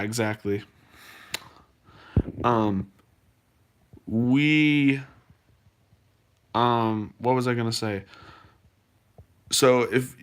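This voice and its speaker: Chatting loosely with viewers on a casual live stream from his home, a man rambles with fillers and restarts. He has a medium-pitched, slightly bright voice.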